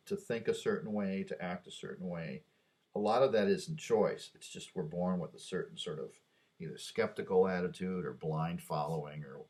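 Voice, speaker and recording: Man, husky, lowish voice, rambling late-night monologue, muttering restarts. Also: darkish tone. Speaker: vlogger.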